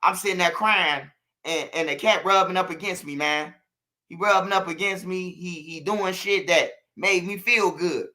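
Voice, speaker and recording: A man's voice: sits high, normal speed, bright, forceful tone. A man from Chicago with a Chicago accent, hosting his channel, talking straight to viewers in a slangy, repetitive, preachy monologue. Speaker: channel host.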